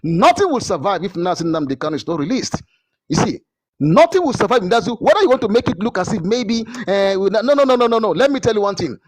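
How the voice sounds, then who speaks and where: A man's voice: sits high, sing-song, quick pace, rough recording. A Nigerian man giving an impassioned political speech as a guest, fiery and insistent, often repeating and stumbling over words. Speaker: guest speaker.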